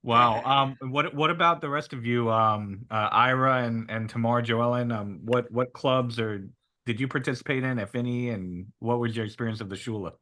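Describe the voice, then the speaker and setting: A man's voice: medium pitch, normal speed, pushed and bright. A man conducting an oral history interview, asking questions hesitantly with many fillers.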